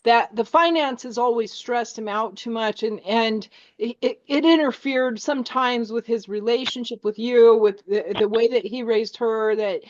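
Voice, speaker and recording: Woman, psychic medium, soft hesitant delivery, dry sound. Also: a little high, unhurried, hardly any pauses, no echo. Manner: gentle, repetitive, hesitant restarts. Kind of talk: spiritual reading session. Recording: dull lo-fi sound.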